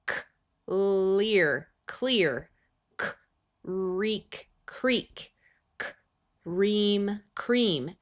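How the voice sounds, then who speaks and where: Slow, careful American woman reading tutor. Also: medium pitch. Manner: careful, sounds out words in parts. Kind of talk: slow phonics lesson.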